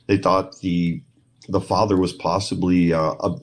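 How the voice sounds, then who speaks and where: Low-voiced man telling a long story. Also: a little slow. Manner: rambling, animated retelling with quoted voices. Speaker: guest, paranormal investigator. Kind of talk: storytelling interview.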